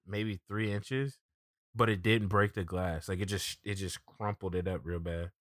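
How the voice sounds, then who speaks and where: Laid-back man telling stories, low voice. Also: steady tone, measured pace, a bit bright, no echo, studio quality. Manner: laid-back storytelling with many "like" fillers. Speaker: podcast co-host. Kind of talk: casual chat.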